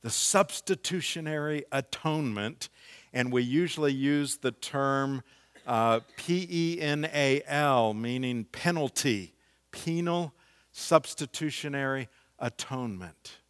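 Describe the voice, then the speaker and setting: A man preaching a sermon, explaining scripture slowly and reading passages with strong emphasis. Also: medium pitch, fairly bright tone, clear, resonant tone. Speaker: pastor.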